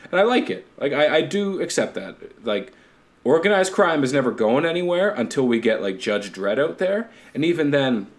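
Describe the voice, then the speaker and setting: A man's voice: a little high, very animated, moderate pace. A man hosting a podcast, chatting casually, rambling, swearing freely and laughing often. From Canada. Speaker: podcast host. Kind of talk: casual chat.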